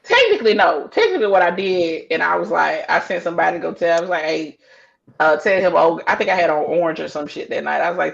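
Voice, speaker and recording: A woman's voice: lowish voice, lively intonation, quick pace, gravelly, muffled recording. A woman co-hosting a podcast, chatting casually and telling stories bluntly with plenty of swearing. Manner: blunt, profane storytelling. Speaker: podcast co-host. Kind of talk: casual chat.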